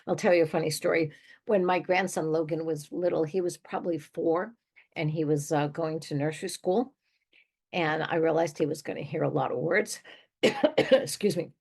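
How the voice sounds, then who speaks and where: Older woman, host-therapist; low, husky, emphatic, conversational. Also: normal speed, a little mellow. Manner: emphatic, conversational, given to little laughs. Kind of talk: direct-to-listener advice monologue.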